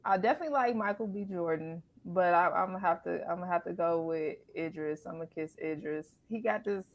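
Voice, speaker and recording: A woman guest on a casual talk show, a singer and comedian, answering in a playful, animated way with lots of laughter. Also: lowish voice, fast, rough recording. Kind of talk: casual interview chat.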